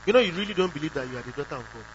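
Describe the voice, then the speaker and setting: A man preaches a sermon at a racing pace, questioning the congregation and acting out quoted prayers. His fairly high voice has lively intonation, and the recording is dull and lo-fi with a faint hum.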